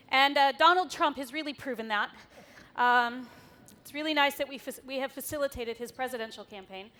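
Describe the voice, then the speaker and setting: Woman, 30s, keynote speaker, bright voice, wry and candid with casual swearing. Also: sits high, a little fast. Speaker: conference speaker. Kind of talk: keynote talk with slides. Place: conference stage.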